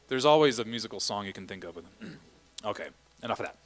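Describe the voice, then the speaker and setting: A man's voice: lowish voice, brisk, fairly bright tone, soft background music. Man leading a choir rehearsal. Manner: chatty, sings vowel and Latin examples. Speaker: choir director. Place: church rehearsal room.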